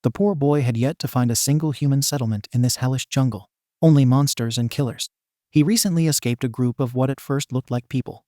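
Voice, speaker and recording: A man reading a fan fiction story aloud in an even, measured narration. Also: medium pitch, no room sound, studio quality.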